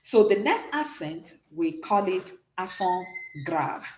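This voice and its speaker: A woman's voice: lowish voice, very animated, slow pace, echoey room, a little hiss or hum. A woman teaching a beginners' French class, patiently explaining and often checking in with "okay?". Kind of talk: online class lesson.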